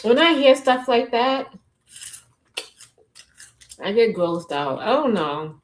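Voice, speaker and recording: A woman co-hosting a live stream, chatting in a relaxed, offhand way while reacting to a video. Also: fairly high pitch, takes it slowly, slight background noise, rough recording. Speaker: stream co-host. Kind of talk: casual chat reacting to a video.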